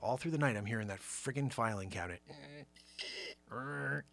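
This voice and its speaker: Lively, bright-voiced man riffing a monologue. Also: medium pitch, brisk, creaky. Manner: animated, bursts into shouting. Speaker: show host. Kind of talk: improvised comedy monologue.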